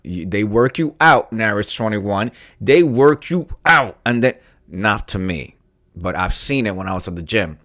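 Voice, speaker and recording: A man hosting a casual live stream, reading forum posts aloud with animated, mocking asides and some stuttering. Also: lowish voice. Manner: animated, mocking, swings to loud outbursts; stutters and restarts.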